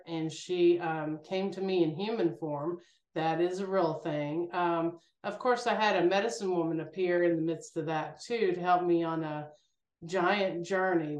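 A woman sits for an interview and tells her stories with animated energy, slipping into the voices of the people she quotes. Her voice sits on the low side, and the room gives it a noticeable echo. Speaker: guest. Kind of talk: casual spiritual interview talk.

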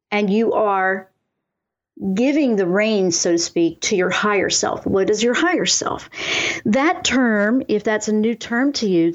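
A woman hosting a radio talk show on spiritual self-help, coaching listeners earnestly and slowing down for affirmations. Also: medium pitch, muffled recording.

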